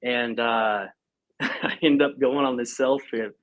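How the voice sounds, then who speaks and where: A man in his thirties, a guest on a podcast, telling a story in a casual, animated way and acting out what people said. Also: medium pitch, slow pace, rough recording. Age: 30s. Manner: animated, acts out quoted speech, laughs often. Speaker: podcast guest, company president.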